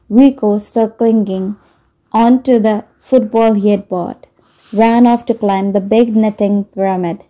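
A woman narrating a children's storybook in a calm, even way. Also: mid-range voice, poor audio. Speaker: audiobook narrator.

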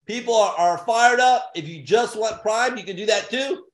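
A man giving an energetic business opportunity pitch in punchy, repetitive short phrases with bursts of excitement. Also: moderate pace. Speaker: sales presenter. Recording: roomy echo.

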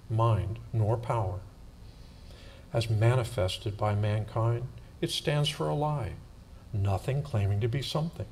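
Male church reader, measured solemn delivery, slow, faint hiss behind. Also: medium pitch, a little mellow. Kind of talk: reading aloud in church.

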